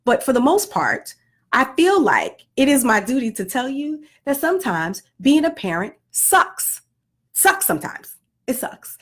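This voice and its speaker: A middle-aged woman vlogging about parenting in a sassy, blunt and animated way, with sudden asides. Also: fairly high pitch. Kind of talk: candid parenting vlog.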